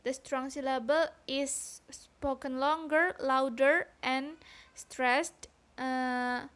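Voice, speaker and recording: Woman, high-pitched, slow and deliberate, read-aloud phonetics lesson, sounding out examples. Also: fairly even intonation, fairly bright tone, clear, resonant tone. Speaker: student presenter.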